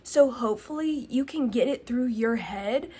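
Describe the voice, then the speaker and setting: A woman's voice: fairly high pitch, moderate pace, warm tone, slightly rough. A young woman vlogger telling her own story in a candid, emphatic way, full of fillers and swearing. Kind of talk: personal storytelling vlog.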